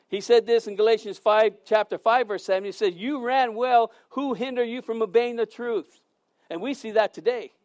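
A man's voice: sits high, no room sound, clean studio sound. A man preaching a sermon, earnest and emphatic, often repeating words as he goes.

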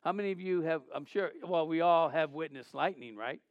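A Southern California pastor preaches conversationally in a high, clear, smooth voice at a brisk pace, telling stories animatedly and frequently restarting phrases. The recording is dry, with little room echo, and muffled.

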